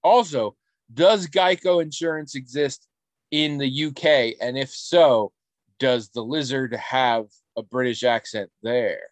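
A man co-hosts a podcast in loose, casual chat. He rambles in an animated way and drops swear words as he goes. His voice sits at a middling pitch, and the sound is dry and close with no room around it. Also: takes it slowly, no room sound. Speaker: podcast co-host.

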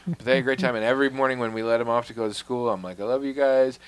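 A man's voice: mid-range voice, steady tone, racing, clean tone. A man in casual conversation, telling a long story in a wry, self-deprecating way, swearing freely and dropping to a mutter on asides.

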